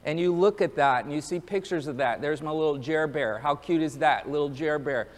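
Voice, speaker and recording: High-voiced pastor preaching in a reverberant hall. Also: male voice, brisk. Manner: earnest, building to emphatic peaks; animated storytelling with acted-out quotes. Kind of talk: sermon.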